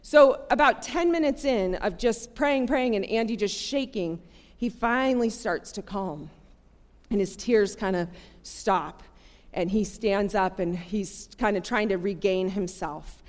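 A woman giving a sermon, telling a personal story in an earnest, conversational and animated way. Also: mid-range voice, unhurried. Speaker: preacher. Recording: long hall reverb.

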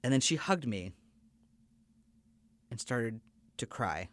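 A man at a mid-range pitch hosts his own podcast and talks straight to his listeners. He tells a story in an earnest, conversational way. His voice sounds dry and close, with almost no room around it. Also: expressive, slow pace, dry recording. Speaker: podcast host.

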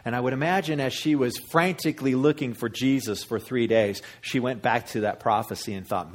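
A man preaching a sermon, animated and storytelling, acting out voices with big jumps in pitch. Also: fairly quick, hardly any pauses. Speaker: pastor.

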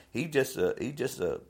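A man's voice: mid-range voice, lively intonation, measured pace, darkish tone, husky. A man giving an indignant opinion monologue, laughing between his points.

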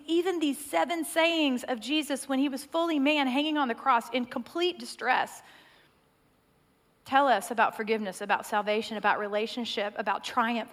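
Woman preacher, slightly high voice, earnest sermon delivery with rhythmic, building cadence. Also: a bit bright.

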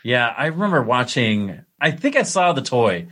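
A man with a mid-range voice chats casually. He sounds relaxed and enthusiastic as he trades memories of favorite films. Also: medium pitch, moderate pace, slightly rough. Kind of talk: casual chat.

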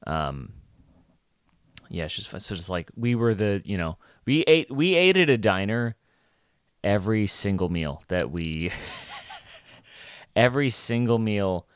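A man's voice: on the low side, big pitch swings, takes it slowly, pauses often, clean tone, no echo, studio quality. A young adult man, a stand-up comedian, telling a casual rambling story with lots of fillers and restarts.

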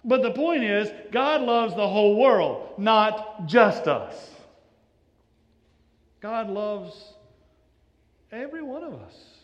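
A man's voice: high-pitched, very animated, slow pace, long pauses, long reverb tail, muffled recording. A male pastor giving a sermon, telling stories and acting out the voices of the people in them. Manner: storytelling, acts out quoted voices, shifting inflection.

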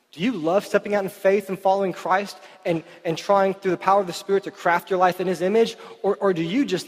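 Guy preaching, high voice, tells a story all chatty with lots of "like", big echoey hall. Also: fast talker, hardly any pauses, husky. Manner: animated, chatty, lots of "like" fillers. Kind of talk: sermon storytelling. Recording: reverberant hall.

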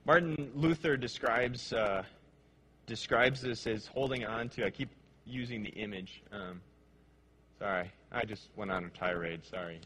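A male pastor preaching a sermon with passion, dropping to hushed, slow phrases and then rising to emphatic ones. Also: on the low side, slightly rough. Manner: impassioned, swings between hushed and emphatic.

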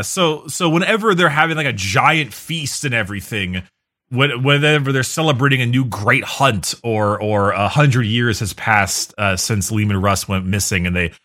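A man's voice: fairly low pitch, moderate pace, bright, forceful tone. A man co-hosting a podcast, telling stories with enthusiasm in a rambling, casual way. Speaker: podcast co-host. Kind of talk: casual chat.

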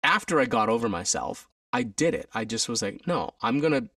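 In a conversational interview, a stage performer and alumnus briskly shares a story from his career, animatedly voicing the people he quotes with jumps in pitch. The recording is dry, clean studio sound, with the mic placed at a distance.

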